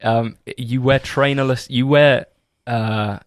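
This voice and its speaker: A man's voice: medium pitch, steady tone, slow pace. A man co-hosting a podcast, teasing his friends in casual banter and laughing often. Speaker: podcast co-host.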